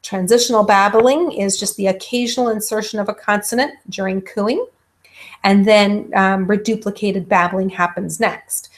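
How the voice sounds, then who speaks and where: A woman's voice: medium pitch, steady tone, normal speed. A woman giving a recorded lecture, with many ums, who stops to act out baby sounds herself.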